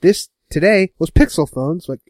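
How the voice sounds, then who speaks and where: A man casually recapping a TV episode with a co-host, laughing often and putting on quick voices for the characters. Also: on the high side, a little mellow, no room sound, studio quality. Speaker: podcast co-host.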